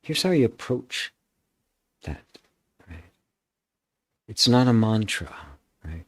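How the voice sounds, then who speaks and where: Low husky-voiced man, spiritual teacher. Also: very animated, slow pace, dry recording, studio quality. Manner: musing, stops and restarts, often adds "right?". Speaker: spiritual teacher hosting a live Q&A. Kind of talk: reflective spiritual teaching, answering chat comments.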